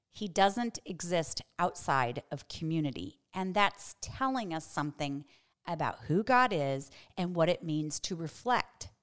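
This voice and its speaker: A woman hosting a podcast and teaching from the Bible in a conversational way, earnest and emphatic, slowing down to stress key words. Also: lowish voice.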